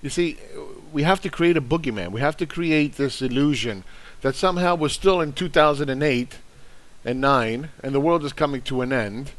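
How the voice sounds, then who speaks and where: A man's voice: medium pitch, moderate pace. A man hosting an investing channel, ranting in angry, sarcastic commentary that is full of profanity and mockery.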